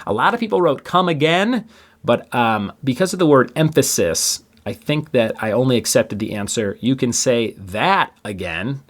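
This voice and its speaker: A man's voice: mid-range voice, expressive, normal speed. Man reading trivia questions aloud. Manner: reads each question twice, chatty asides. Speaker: trivia podcast host. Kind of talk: casual quiz reading.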